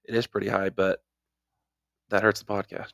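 Relaxed low-voiced male podcast host. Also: normal speed, vocal fry, dry recording, studio quality. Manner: storytelling, reading listener reviews aloud. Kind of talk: casual podcast chat.

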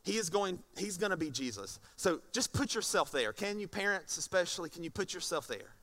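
A pastor preaching a sermon to a congregation, animated and acting out scenes, moving from soft tones to loud passages. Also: male voice, high voice, fairly quick. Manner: animated, swings from soft to shouting. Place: church stage before a congregation.

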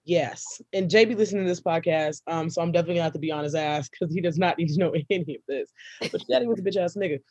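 A young woman, a podcast co-host, telling a personal story in casual, profane chat and breaking into loud, laughing outbursts. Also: fairly low pitch, very fast, breathy edge, no echo.

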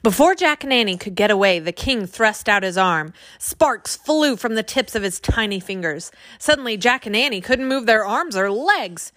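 A woman narrating a children's audiobook with an expressive reading. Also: medium pitch, normal speed, few pauses, dry recording, studio quality.

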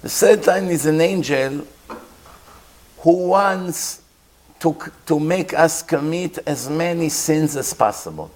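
A man giving a sermon as a rabbi, telling a story with pauses and acted-out sounds. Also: a little high, darkish tone.

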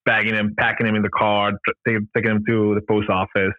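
Low-voiced guy rambling through his story on a podcast, lots of "like", dry and a bit muffled. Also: completely flat delivery, fast talker, no echo. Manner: rambling, heavy use of "like" and "you know", laughs often. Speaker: podcast guest, gear company founder. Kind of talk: casual storytelling in an interview.

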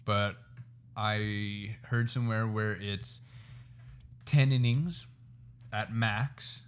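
A man co-hosting a casual chat, loud and laid-back, saying "dude" a lot. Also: lowish voice, fairly even intonation, drawn-out words, clean tone.

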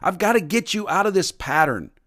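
A man's voice: sits high, animated, fairly quick, a bit bright. A man preaching a sermon as pastor, emphatic and repetitive, sometimes mimicking stiff formal prayers.

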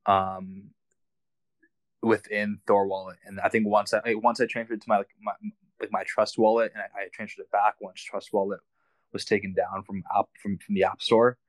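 A man calling in from the community asks questions in a halting, frustrated way, often repeating words. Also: lowish voice, little pitch movement, no room sound. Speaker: caller from the community. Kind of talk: casual question on a live audio call.

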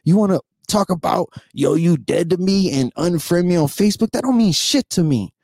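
This man, a vlogger in his thirties, has a high, expressive, darkish voice and speaks at normal speed as he rants emotionally to camera without a script. Profane and repetitive, he sighs through tears and repeatedly asks if you know what he means. Dry recording, clean studio sound.

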